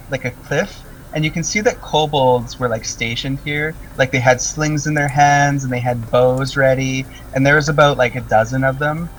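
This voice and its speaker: A man's voice: medium pitch, fairly bright tone. Man narrating as game master. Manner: descriptive, full of "um" and "like". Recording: distant mic with faint music.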